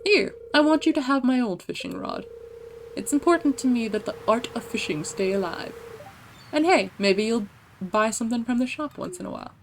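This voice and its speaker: A woman's voice: a little high, animated, normal speed, slight background noise. A woman voicing a jolly old male fisherman and shopkeeper, reading his lines in a folksy, hearty way, in a farming video game. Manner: folksy, hearty, read-aloud dialogue.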